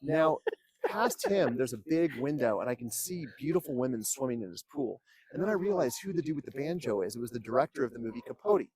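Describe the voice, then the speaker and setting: A man telling long, animated stories in casual chat, swearing freely and acting out what people said. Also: medium pitch, quick pace, slightly rough, dry recording. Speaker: podcast guest. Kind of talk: casual storytelling.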